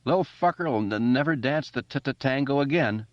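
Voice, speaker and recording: A man's voice: mid-range voice, animated, normal speed, dry recording, muffled recording, voice pushed up, natural voice. A man voicing an earnest young boy who stutters heavily as he talks to his friend. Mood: urging. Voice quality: heavy stutter.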